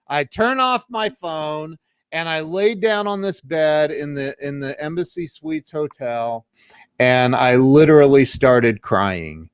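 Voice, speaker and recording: Man, middle-aged, interview guest, casual storytelling, rambling restarts, clear smooth voice, dry recording. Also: a little high, slow pace, no echo. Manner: rambling with many restarts, animated when quoting others. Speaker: guest, social media marketing coach.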